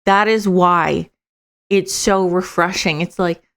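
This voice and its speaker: A woman's voice: on the low side, steady tone, slow pace, fairly bright tone, smooth. A young woman giving casual, emphatic reaction commentary and swearing for emphasis.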